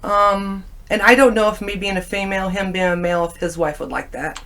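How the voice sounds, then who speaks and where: A woman's voice: medium pitch, brisk. A woman guest in casual conversation, telling stories animatedly and acting out what people said. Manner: animated storyteller, acting out quoted lines. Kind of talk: casual chat.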